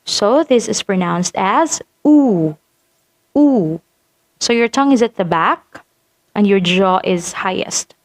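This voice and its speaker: A woman teaching vowel sounds in a patient lesson, repeating sample words to demonstrate them. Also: medium pitch. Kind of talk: phonetics lesson.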